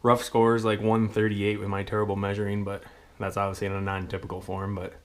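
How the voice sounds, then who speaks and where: A young man from Michigan casually telling a hunting story to the camera, excitable and rambling with frequent ums and little laughs. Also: lowish voice, a little fast. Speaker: hunting channel host.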